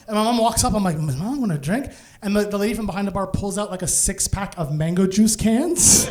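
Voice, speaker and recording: A young man performing live stand-up, telling a story in an animated, quick way with asides, into a stage mic. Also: sits high. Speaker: stand-up comedian. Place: comedy venue stage.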